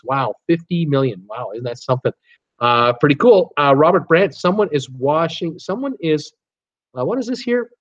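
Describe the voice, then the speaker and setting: Casting note: man from Canada, stream host reading viewer chat, chatty and rambling, fairly high voice, dull lo-fi sound. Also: expressive, moderate pace. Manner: chatty, reads viewer comments aloud with many fillers. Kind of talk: casual live-stream chat.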